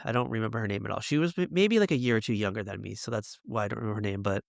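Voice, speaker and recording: Gravelly and lowish, this man's voice races along very fast as he co-hosts a podcast. He tells meandering school stories loaded with fillers and laughter, recorded cleanly in the studio without echo.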